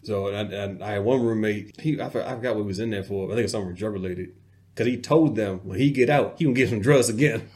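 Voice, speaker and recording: With a low voice and a fast delivery, a podcast co-host shares stories in relaxed chat. He's animated, acting out the voices of anyone he quotes.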